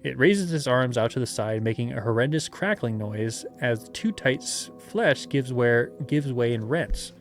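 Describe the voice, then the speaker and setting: A man's voice: medium pitch, lively intonation, normal speed, hardly any pauses, soft background music. A man reading a gamebook aloud as game master, with playful asides and laughter.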